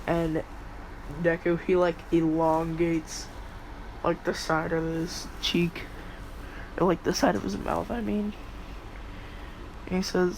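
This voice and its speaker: Male storyteller, casual and rambling; slow, unhurried delivery with a slight fry. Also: on the high side, little pitch movement, darkish tone, a little hiss or hum, low-quality recording. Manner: rambling, filler-heavy, offhand asides. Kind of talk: casual spoken fan story.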